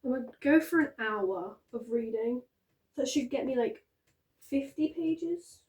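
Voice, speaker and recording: A woman's voice: high voice, lively intonation, a little slow, a little mellow. Chatty young woman rambling casually. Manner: rambling, chatty, self-interrupting. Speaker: reading vlogger. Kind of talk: casual chat to camera. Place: at home, sitting on a bed with pillows.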